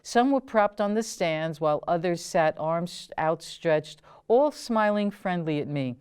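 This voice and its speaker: A woman, the host and author, reading her own memoir aloud in a slow, deliberate storytelling manner. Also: sits low, darkish tone, clean tone.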